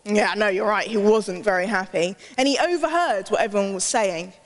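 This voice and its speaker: A woman telling a lively Bible story to children, asking them questions as she goes. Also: mid-range voice, moderate pace, long reverb tail. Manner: animated, asks the children questions.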